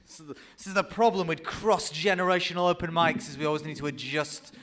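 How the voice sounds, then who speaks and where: A man hosts an open mic night, joking and teasing the performers. His voice sits high for a man and sounds bright and forceful. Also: steady tone, fast. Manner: jokey, upbeat, teasing. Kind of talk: casual chat.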